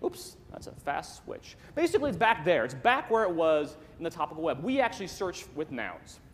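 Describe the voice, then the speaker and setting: A man giving a lively, joking conference talk on stage, restarting sentences often. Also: a little high, fairly quick. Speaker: conference speaker. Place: large conference hall. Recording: long hall reverb.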